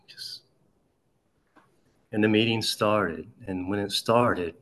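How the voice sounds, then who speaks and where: A man telling a personal recovery story in a halting, conversational way, with frequent restarts and asides. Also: fairly low pitch, a bit bright. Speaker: speaker sharing a recovery story. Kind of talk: personal testimony.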